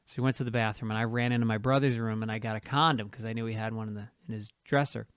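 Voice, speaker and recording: Male comedian host, animated storyteller, bright tone, dry close mic. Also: on the low side, clear, resonant tone, dry recording. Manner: animated storyteller with quick asides. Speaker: podcast host and stand-up comedian. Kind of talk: comic storytelling in casual chat.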